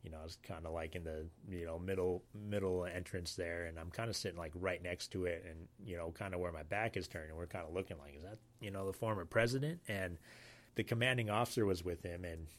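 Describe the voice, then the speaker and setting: Man, deep low voice, from Alaska, navy sailor, casual storytelling, rambling with fillers. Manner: rambling, halting, many fillers. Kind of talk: casual spoken anecdote.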